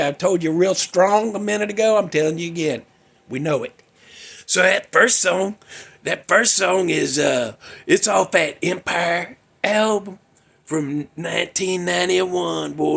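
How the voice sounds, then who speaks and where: A man chats loosely about music as a show host, drifting off and poking fun at himself. His voice is gravelly and a touch husky. It sits a little high for a man. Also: a bit bright. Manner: rambling, self-mocking, loses his place. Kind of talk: casual chat.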